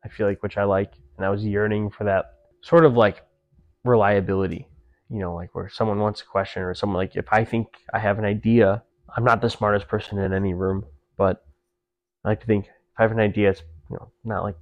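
A man's voice: on the low side, steady tone, fairly quick, highs cut off. A man in his twenties, a podcast guest, chatting casually and loosely, swearing freely and saying "like" and "dude" a lot. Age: 20s. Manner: laid-back, swears freely, lots of "like" and "dude". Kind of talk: casual chat.

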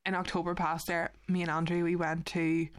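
A woman's voice: lowish voice, brisk. A Northern Irish woman in her twenties co-hosting a podcast, telling stories in casual chat and acting out what others said. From Northern Ireland. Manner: animated storytelling, acts out quoted voices. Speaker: podcast co-host.

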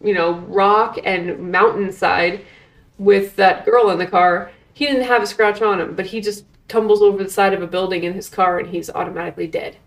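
Female podcast co-host, mid-pitched, emphatic and incredulous in her recaps. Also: fairly even intonation, moderate pace. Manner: incredulous, emphatic, laughing asides. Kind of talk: casual comedic movie recap.

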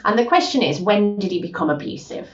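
An animated woman with a mid-range voice speaks a little fast, acting out the voices she quotes. She is a gender justice specialist appearing as a guest on a conversational interview podcast. The audio is roomy, distant, and dull.

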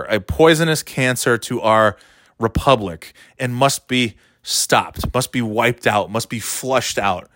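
A man's voice: medium pitch, a bit bright, no room sound, clean studio sound. A man ranting casually as a podcast host, rambling and sarcastic, swearing a lot. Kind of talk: casual profane rant.

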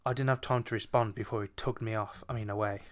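A woman's voice: extremely low pitch, fairly even intonation, fast. Giggly chatty woman reading fanfic. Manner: giggly, chatty, lots of fillers. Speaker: podcast co-host. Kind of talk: casual chat, reading fan fiction aloud.

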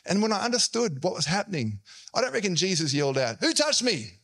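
A man delivers a sermon from the pulpit. His voice sits high and sounds bright and forceful. He tells the story in a lively way, slipping into different voices for each quoted line. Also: fast. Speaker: pastor.

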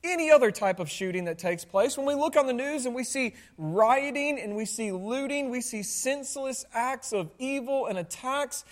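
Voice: high-pitched, animated, normal speed, few pauses. A pastor preaching a sermon to a congregation, asking them rhetorical questions and adding sarcastic asides. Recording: long hall reverb.

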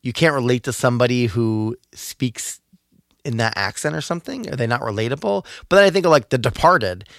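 A man co-hosting a podcast in casual chat, musing and asking questions, slowing down to draw out details. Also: medium pitch, animated, creaky, a bit bright, no room sound, clean studio sound. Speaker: podcast co-host.

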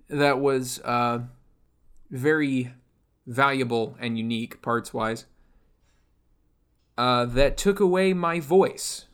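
A man voicing a grieving, vengeful companion robot with a husky Russian accent and stiff, formal speech. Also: medium pitch, a bit bright. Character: grieving male-voiced companion robot seeking revenge.

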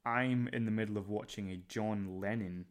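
A man's voice: fairly low pitch, fairly even intonation, normal speed. A man co-hosting a podcast, chatting casually as he runs through a list of upcoming shows. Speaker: podcast co-host. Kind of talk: casual chat.

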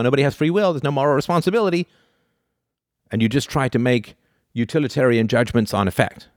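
A man giving an animated philosophy lecture, full of rhetorical questions and laughing asides. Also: fairly low pitch, dry recording, clean studio sound.

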